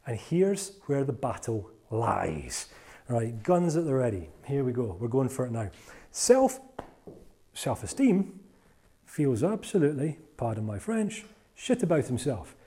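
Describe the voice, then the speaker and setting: A man's voice: medium pitch, sing-song, a little slow, dark tone. A man giving a live seminar talk to an audience, playful and jokey as he works with volunteers on stage. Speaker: motivational speaker.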